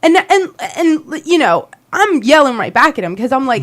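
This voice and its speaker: A woman's voice: high-pitched, very animated, fairly quick, hardly any pauses. A woman co-hosting a talk show, telling a heated story and acting out both sides of an argument. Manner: retells an argument, voicing both sides with raised intensity. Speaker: co-host.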